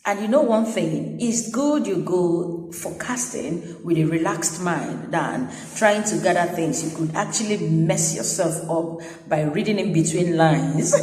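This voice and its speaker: A woman's voice: fairly low pitch, animated, a little slow, darkish tone. A woman news anchor, chatting animatedly as she tells a personal story with quoted dialogue. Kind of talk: casual storytelling vlog. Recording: echoey room with long reverb.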